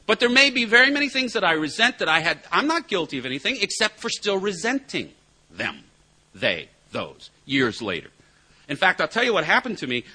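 In a personal recovery talk, a middle-aged speaker and sponsor tells the group about his drinking, joking wryly at his own expense with punchlines. His voice sits high with a sharp tone and a breathy edge. He is very animated and fairly quick.

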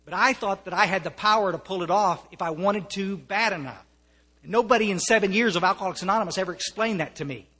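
An American man speaks earnestly to a recovery meeting, with a fairly high voice. He restarts his sentences often and slips in wry humor. His voice carries a long reverb from a meeting hall. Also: fast, pushed and bright, slightly rough. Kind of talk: personal testimony to an audience.

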